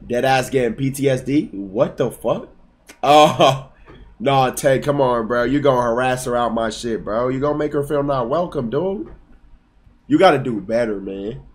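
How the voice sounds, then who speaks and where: Excitable young man streaming at home. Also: mid-range voice, moderate pace. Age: 20s. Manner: excitable, profane, talks back to chat, bursts into yelling. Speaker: livestreamer. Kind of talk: casual live-stream chat.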